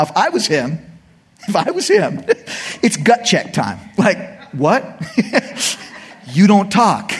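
Lively, high-voiced male preacher. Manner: animated, joking storyteller. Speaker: pastor. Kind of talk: sermon.

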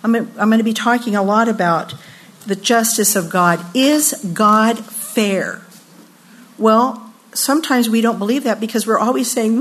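An older woman preaching to a retreat crowd, her voice sitting a little high. She tells stories with lively energy and slips into the voices of the people in them. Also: normal speed. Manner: lively storytelling, acting out quoted voices. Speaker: retreat speaker. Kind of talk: sermon.

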